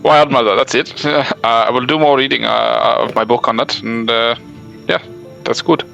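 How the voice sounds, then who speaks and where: Male player, gravelly and tense-toned, halting casual speech. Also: medium pitch, steady tone, fairly bright tone, soft background music, poor audio. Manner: halting, many fillers, self-amused. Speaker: tabletop game player. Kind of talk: casual game chat. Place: home, online voice chat.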